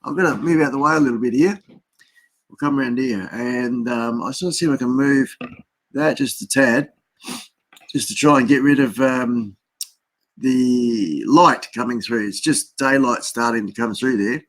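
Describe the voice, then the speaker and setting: A man's voice: medium pitch, moderate pace, fairly bright tone. An Australian man hosting a casual live stream, chatting and rambling to himself while he adjusts his camera and screens. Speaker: livestream host.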